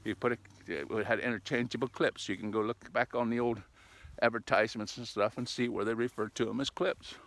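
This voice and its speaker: A man's voice: medium pitch, fairly even intonation, a little fast, fairly bright tone. A middle-aged man chatting casually while out walking his dogs, in a folksy, meandering way, often tagging lines with "eh?". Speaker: vlogger. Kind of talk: casual rambling chat.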